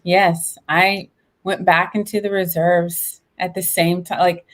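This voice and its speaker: Animated woman in her late thirties. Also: lowish voice, slow. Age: 30s. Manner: animated, expressive, upbeat. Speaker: guest, veteran and entrepreneur. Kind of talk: casual interview chat.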